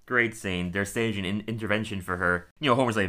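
A man's voice: lowish voice, a little fast, pushed and bright. A man co-hosting a podcast, recapping a cartoon episode in a chatty, laughing way with lots of "like". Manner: chatty, laughs often, fills with "like". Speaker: podcast co-host.

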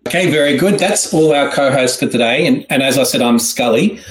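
A man with an Australian accent hosts a writing seminar in loose, joking talk that keeps restarting itself. His voice sits at a middling pitch and carries a roomy echo around it. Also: brisk. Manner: rambling, joking, with frequent restarts. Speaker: seminar host. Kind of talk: casual online seminar hosting.

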